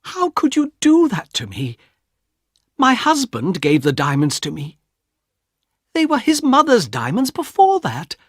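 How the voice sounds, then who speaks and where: A frightened young sister pleads in a high, strained voice, put on by a male audiobook reader. The delivery is slow and rises and falls widely. The room is dry and close. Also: huge pitch swings, husky, no room sound, heavily acted. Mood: pleading. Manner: raised pleading voice. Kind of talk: audiobook reading.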